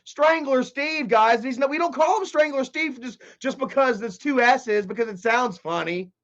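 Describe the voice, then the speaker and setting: A man hosting a casual livestream, reading chat and commenting in an excitable, profane way that swings from loud outbursts to low muttering. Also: moderate pace. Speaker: livestream host. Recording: dull lo-fi stream audio.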